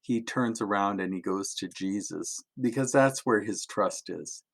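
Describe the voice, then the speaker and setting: A man, a pastor, retelling Bible stories to children in a playful, animated way, often laughing. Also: lowish voice, unhurried, creaky. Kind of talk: children's sermon storytelling.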